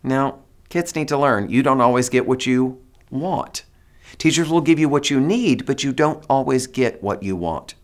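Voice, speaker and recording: Animated man coaching teachers. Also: medium pitch, moderate pace. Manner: animated, demonstrative, coaxes audience to repeat phrases. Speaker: teacher trainer. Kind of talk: presentation to teachers.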